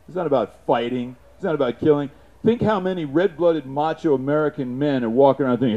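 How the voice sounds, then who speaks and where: A man giving an impassioned, profane public speech, punctuated with shouted sound effects. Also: on the high side, fast, dull audio.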